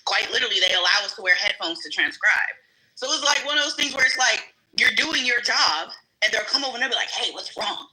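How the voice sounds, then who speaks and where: A woman's voice: fairly high pitch, lively intonation, fast, sharp tone, poor audio. A young adult woman telling a personal story bluntly on a live panel, with casual swearing. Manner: blunt, frank, swears freely. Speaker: livestream panel guest.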